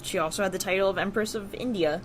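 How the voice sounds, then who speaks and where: A woman's voice: mid-range voice, fast, a little hiss or hum. A woman co-hosting a casual podcast, reading out history facts with many fillers and restarts. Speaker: podcast co-host. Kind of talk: casual chat.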